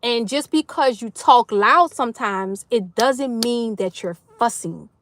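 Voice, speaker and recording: High-voiced New Orleans woman chatting loud. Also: measured pace, slight background noise. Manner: loud, animated Southern talk with lively swings. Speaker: livestream host. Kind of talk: casual chat reading viewer comments.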